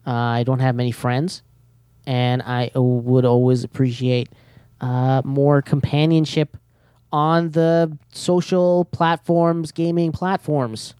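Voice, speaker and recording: A man's voice: medium pitch, flat delivery, slow pace, dark tone, clear, resonant tone, no echo, clean studio sound. A man hosting a podcast alone, rambling nervously with many fillers and jokes at his own expense. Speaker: podcast host. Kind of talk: casual solo podcast chat.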